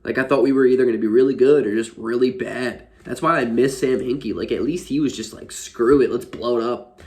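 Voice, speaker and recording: A man's voice: medium pitch, fast talker, darkish tone. A young man vlogging casual sports commentary, frustrated and exasperated, rambling with lots of fillers.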